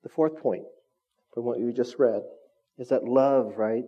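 A man's voice: medium pitch, a little slow, dark tone, muffled recording. A middle-aged man preaching a casual sermon as lead pastor of a small church, conversational and self-deprecating, often checking in with the congregation.

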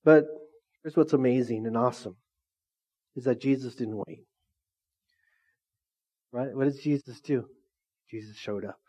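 A man's voice: mid-range voice, measured pace, long pauses, warm tone, breathy edge, muffled recording. A male pastor preaching a sermon, repeatedly asking the congregation questions and prompting their replies. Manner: call-and-response questions to the congregation.

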